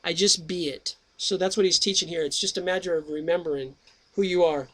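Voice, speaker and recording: With a high-pitched, steady, slightly bright voice, a middle-aged man on his own radio show speaks fairly quickly. He rambles casually and jokes across several topics, then reads aloud from a book.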